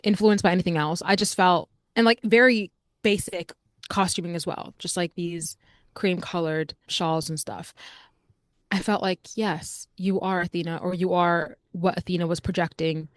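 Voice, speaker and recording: A young woman talks through a film review in a loose, chatty way, leaning on filler words as she goes. Her voice sits a little low for a woman. The sound is dry and close, with no room echo. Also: normal speed. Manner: chatty, animated, frequent "like" fillers. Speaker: podcast co-host. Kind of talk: casual film review chat.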